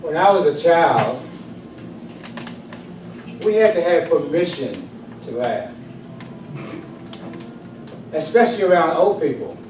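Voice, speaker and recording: Man, 60s, humorous storyteller, high voice, slow emphatic delivery, distant mic, noisy background. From South Carolina, US. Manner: lively, drawn-out storytelling with emphatic buildups. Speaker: club speaker. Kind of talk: humorous personal storytelling speech. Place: club meeting room. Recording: echoey room, distant mic, background noise.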